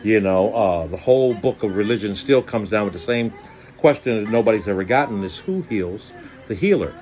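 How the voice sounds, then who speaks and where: Brief: male storyteller, loose slangy comic monologue, voice leaps up for quoted bits. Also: normal speed. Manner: animated, slangy, acts out voices with pitch jumps.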